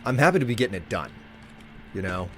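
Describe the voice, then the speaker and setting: A male streamer chats casually with his viewers while he plays, rambling through his thoughts in a friendly, loose way. His voice sits on the lower side, and faint music runs underneath. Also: very animated, fast talker. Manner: rambling, chatty, warmly addresses viewers. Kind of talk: casual chat while gaming.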